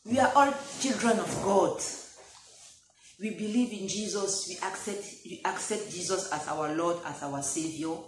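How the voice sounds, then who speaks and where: A woman who is not a native English speaker preaches a sermon while she has a cold, repeating phrases and building to loud, pleading calls. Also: on the low side, unhurried. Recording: echoey room, faint background noise.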